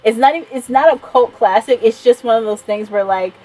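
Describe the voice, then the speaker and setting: Rambling, excitable woman vlogger. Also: a little high, fairly quick, low-quality recording. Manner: rambling, enthusiastic, swears freely. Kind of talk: casual chat.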